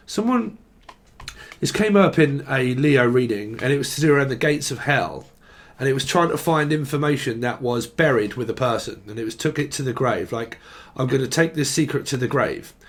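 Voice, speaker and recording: A man's voice: mid-range voice, moderate pace. A man giving a casual, rambling tarot reading, full of slang and swearing. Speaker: tarot reader.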